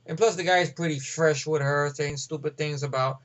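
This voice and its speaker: A man's voice: on the high side, little pitch movement, fairly quick, few pauses, muffled recording. A man ranting casually about a movie, rambling and swearing with many fillers. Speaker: movie reviewer.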